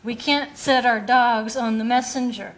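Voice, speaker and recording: Earnest woman Bible teacher, higher voice. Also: measured pace, slight background noise. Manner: earnest, direct, rhetorical questions; acts out quoted voices of children and rebels. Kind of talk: sermon.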